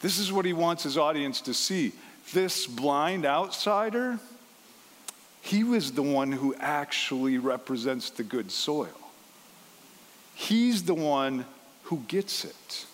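A pastor preaching a conversational sermon, walking through a scripture passage and briefly acting out the voices in it. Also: male voice, fairly high pitch, expressive, slow. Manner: conversational, acts out the quoted lines. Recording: long hall reverb.

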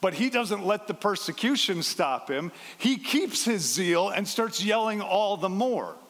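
A pastor preaching a conversational sermon, walking through a scripture passage and briefly acting out the voices in it. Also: male voice, high voice, animated, unhurried, a bit bright. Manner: conversational, acts out the quoted lines. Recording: long hall reverb.

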